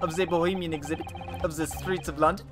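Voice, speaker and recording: A man voicing an excitable, petulant young Bohemian man in a high, whiny voice, over game music. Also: quick pace, close to an everyday voice. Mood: excited. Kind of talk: game playthrough voice acting.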